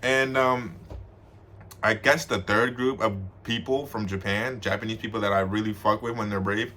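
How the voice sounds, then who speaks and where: A young man from Washington, D.C., telling funny stories to the camera in a casual, slangy way, laughing often and mimicking people in high voices. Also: steady tone, normal speed, bright, forceful tone, slight background noise. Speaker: vlogger.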